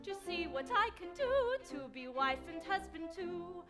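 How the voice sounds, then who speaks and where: An imperious, domineering duchess from a staged operetta, sung by a woman. Her very high soprano sweeps through tart, commanding lines on a live stage. A full orchestra plays loudly behind her. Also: very animated, unhurried, over music, heavily acted. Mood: triumphant. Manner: tart, sweeping operatic singing. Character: imperious middle-aged duchess, domineering wife. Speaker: opera singer. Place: theatre stage, live performance.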